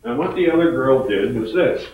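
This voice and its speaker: Lively male lecturer in an echoey hall. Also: medium pitch, normal speed, phone-quality sound. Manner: animated, acts out quoted voices, chuckles. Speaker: university professor lecturing. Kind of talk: storytelling lecture. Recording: roomy hall with faint noise.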